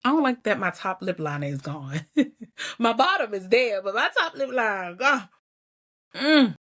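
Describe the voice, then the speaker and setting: A woman's voice: medium pitch, big pitch swings, a little slow, fairly bright tone. Chatty woman fighting back tears. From Georgia, US. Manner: chatty, candid, laughs and sighs often. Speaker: podcast host. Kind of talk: casual personal vlog talk.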